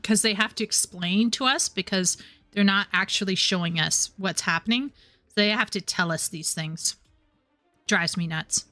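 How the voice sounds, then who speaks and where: A woman's voice: medium pitch, normal speed, sharp tone, dry recording, faint music behind. A woman chatting casually as she streams a game. She repeats and restarts her words and sometimes reads the game's dialogue aloud. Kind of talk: casual gameplay commentary.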